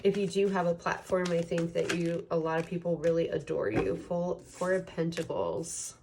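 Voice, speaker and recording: A woman with a fairly low voice gives a casual pick-a-card tarot reading. She rambles and fills gaps with ums and likes. The home recording carries clear background noise and the sound of cards being shuffled. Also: moderate pace. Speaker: tarot reader.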